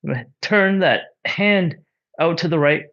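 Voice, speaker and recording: A man's voice: on the high side, normal speed, a bit bright, dull audio. A man leading a live home stretching class, chatty and rambling, counting reps aloud and short of breath. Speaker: stretching instructor. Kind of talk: live-streamed workout instruction.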